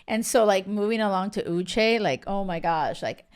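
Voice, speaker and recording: A woman vlogger giving an animated, emphatic casual recap, full of filler words. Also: mid-range voice, normal speed, clear, resonant tone.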